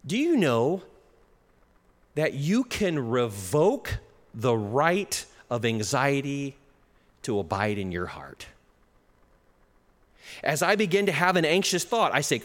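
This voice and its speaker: A man preaching a sermon as pastor, animated, with chuckles and shifts in pace. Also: medium pitch, slow pace, pauses often. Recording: long reverb of a hall.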